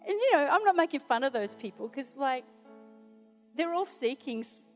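A woman's voice: sits high, expressive, moderate pace, faint music behind. A middle-aged woman preaching, telling personal stories in a chatty way full of "you know" and restarts. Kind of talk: sermon with personal anecdotes.

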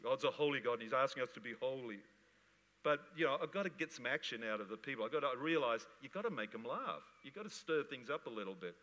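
A man preaching a sermon as pastor, animated and joking, often laughing as he talks. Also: medium pitch, fast talker. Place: church hall. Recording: church hall reverb.

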